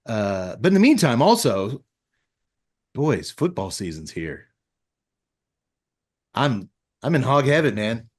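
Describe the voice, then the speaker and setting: A man hosting a casual podcast, telling stories with a joking, deadpan manner. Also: medium pitch. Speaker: podcast host.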